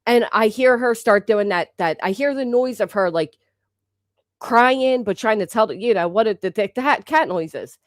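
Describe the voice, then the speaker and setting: A woman's voice: a little high, animated, normal speed, no echo, clean studio sound. A woman hosting a casual livestream who rambles with many restarts, swears freely, thanks members in the chat and has a sore throat. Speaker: livestream host.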